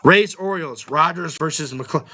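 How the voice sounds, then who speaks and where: A man's voice: on the high side, slow, sharp tone, husky. A man hosting a sports podcast, talking bluntly and offhandedly like a fan. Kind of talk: casual sports podcast talk.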